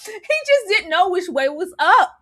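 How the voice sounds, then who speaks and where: A woman co-hosting a casual TV recap chat, animated and loud, acting out her own yelling at the screen. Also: very high-pitched, unhurried. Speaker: podcast co-host.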